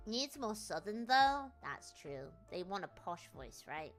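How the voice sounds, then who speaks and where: A woman's voice: mid-range voice, very animated, a little slow, hardly any pauses, soft background music. Chatty British woman streamer. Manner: rambling, jokey, laughs often. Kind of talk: casual chat.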